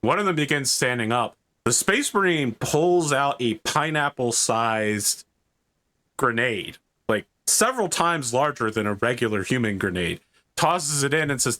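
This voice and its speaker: A man's voice: medium pitch, animated, unhurried, pushed and bright. A man running a tabletop game as game master, narrating the action and chatting casually through the rules. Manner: casual, chatty, thinks aloud about rules.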